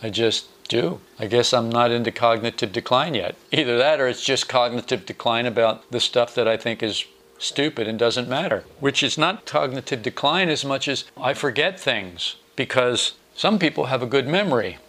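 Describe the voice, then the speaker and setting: A middle-aged man giving an informal spoken sermon as a preacher. He is folksy and wry, with sarcastic asides, and his pitch jumps about. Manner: animated, with quick jumps in pitch.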